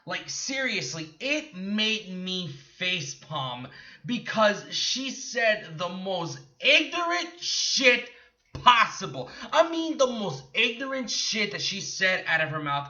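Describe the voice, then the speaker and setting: Young man, angry profane rant, sharp strained voice, dull lo-fi recording. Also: sits high, big pitch swings, slow pace. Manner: profane, mocking, shouts in bursts. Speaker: gaming commentary vlogger. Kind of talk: angry ranting commentary.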